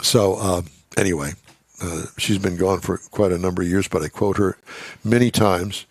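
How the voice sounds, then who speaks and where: A man's voice: low-pitched, fairly even intonation, moderate pace, no echo. A man hosting a radio car show in casual on-air chat. He reads news items aloud and adds wry asides. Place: radio studio.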